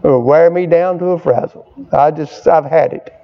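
A man's voice: on the high side, moderate pace. An older man preaching a sermon, calling on the congregation for amens and repeating his points for emphasis. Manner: call-and-response preaching, prompting the congregation for amens; repetitive, emphatic phrasing. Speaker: pastor. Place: church service with a responding congregation. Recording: dull lo-fi recording.

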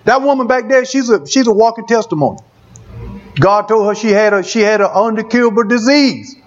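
A man's voice: sits high, fairly quick, lo-fi sound. A man preaching a testimony sermon, repeating phrases for emphasis.

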